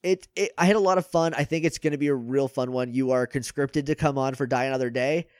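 A man guest on a podcast, chatting casually and plugging his shows with quick asides. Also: mid-range voice, darkish tone, clear, resonant tone, no room sound, clean studio sound.

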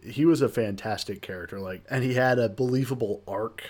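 A man co-hosting a casual chat, relaxed, steering the talk with questions and laughing easily. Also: medium pitch, brisk. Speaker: podcast co-host.

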